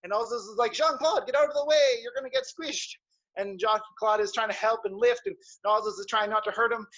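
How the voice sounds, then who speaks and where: High-voiced man telling a kids' story. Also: dry recording. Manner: animated, with sound effects. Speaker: storyteller for children. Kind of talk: children's story on a live stream. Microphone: live stream mic. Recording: dull, dry lo-fi stream audio.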